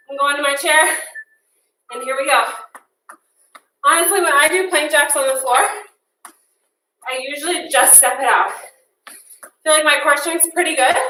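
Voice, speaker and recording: High bright winded woman fitness instructor. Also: slight background noise. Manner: encouraging, casual, counts down reps. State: out of breath. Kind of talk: guided workout class instruction. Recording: echoey room, mic at a distance.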